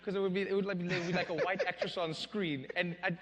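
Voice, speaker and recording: A man in his thirties, an interview guest telling stories on stage, animated and laughing as he acts out quotes. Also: high-pitched, a little fast, big-room sound, highs cut off. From South Africa. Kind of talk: storytelling in a public interview. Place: stage in an event hall.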